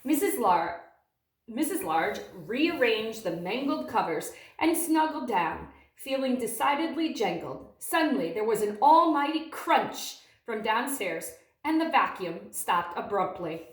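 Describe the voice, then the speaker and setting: Expressive woman reading a picture book. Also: on the high side, a little slow, echoey room, poor audio. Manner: expressive with asides to listeners. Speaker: storybook reader. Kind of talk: picture book read-aloud.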